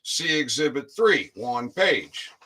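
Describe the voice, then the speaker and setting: Emphatic man with a bright voice. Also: medium pitch, big pitch swings, breathy edge. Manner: emphatic and repetitive, with frequent "all right?" and "right?"; slows down to stress key phrases. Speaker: citizen activist explaining his court filing. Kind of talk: casual explanatory vlog, reading documents aloud.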